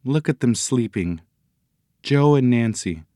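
A man voicing a brisk, hurried young mother. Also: medium pitch, expressive, dark tone, dry recording, clean studio sound. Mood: urgent. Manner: brisk, urgent.

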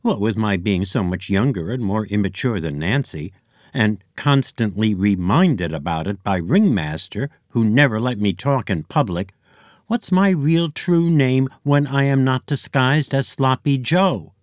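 A man's voice: fairly low pitch, expressive, unhurried, no room sound, studio quality. Guy doing a sweet gullible kid, earnest, kinda rambly. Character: naive trusting young boy.

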